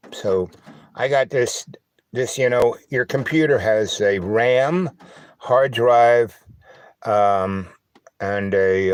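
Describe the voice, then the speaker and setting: A man hosting a casual livestream on an old phone, talking in a halting, rambling way full of fillers and "right?", with a slight lisp and twang. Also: on the low side. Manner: halting, filler-heavy, asks "right?" often. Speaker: livestream host.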